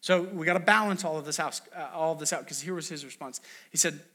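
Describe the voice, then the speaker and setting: Youngish guy preaching, chatty and storytelling, voice sits kinda high. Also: quick pace, sharp tone. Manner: conversational, storytelling with acted quotes and restarts. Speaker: pastor. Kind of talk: sermon.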